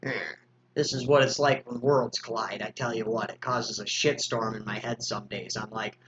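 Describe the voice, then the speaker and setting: A man's voice: fairly low pitch, fairly even intonation, normal speed, dull audio, crowd noise. A man hosting a recovery livestream, chatting casually as he reads viewer comments, joking around and swearing freely. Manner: loose and joking, with frequent swearing and slang.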